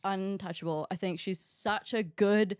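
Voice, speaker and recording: Excitable woman guest, dry close mic. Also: mid-range voice, measured pace, clean tone, no room sound. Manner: excitable, laughing, emphatic. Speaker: comedian guest. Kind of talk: casual podcast chat.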